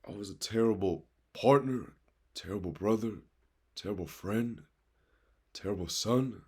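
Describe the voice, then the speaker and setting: A man with a husky, breathy voice talks straight to the listener in a raw, confessional monologue. He is blunt and earnest, swearing freely as he presses his advice with urgent conviction. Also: fairly low pitch, unhurried, a little mellow. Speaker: vlogger giving life advice.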